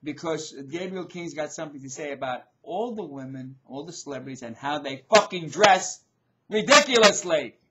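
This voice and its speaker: A middle-aged man hosting his own show, ranting in a loud, profane, repetitive way. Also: on the high side, expressive, moderate pace. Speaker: show host. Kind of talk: ranting video commentary.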